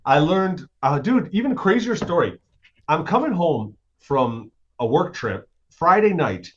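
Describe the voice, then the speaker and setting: A man guest co-hosting a podcast in casual chat, telling stories excitedly with plenty of swearing. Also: a little high, measured pace, muffled recording, slight background noise. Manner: excitable, swearing, lively storytelling. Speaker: guest co-host.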